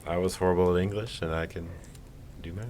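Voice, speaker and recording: Deep-voiced, teasing man. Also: fairly even intonation, fast talker, a little mellow. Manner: dry, teasing remarks. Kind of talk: casual chat.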